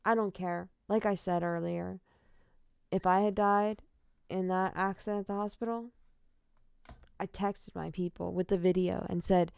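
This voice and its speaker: A woman's voice: lowish voice, fairly even intonation, moderate pace, vocal fry, a little mellow, clear, resonant tone, dry recording, clean studio sound. A woman telling true crime stories who rambles candidly and swears freely as she signs off casually. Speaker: true crime storyteller and streamer. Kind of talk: casual sign-off chat.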